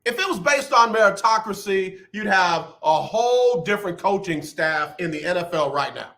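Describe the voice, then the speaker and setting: Guy hosting radio, high bright voice, rambling and animated. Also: moderate pace. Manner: animated, rambling, playfully dramatic. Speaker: radio host. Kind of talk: casual radio talk. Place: radio studio.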